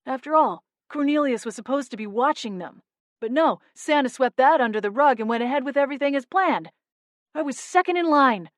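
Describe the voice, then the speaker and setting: A woman's voice: high voice, lively intonation, fairly quick, no echo, studio quality, voice pushed up. A woman voicing a scheming male elf who sneers and resents being passed over. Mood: resentful. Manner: sneering, scornful.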